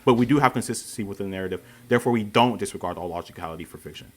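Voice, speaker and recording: A man's voice: fairly low pitch, racing. A man in a debate laying out dense, jargon-heavy arguments in a lecturing way. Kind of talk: heated online debate.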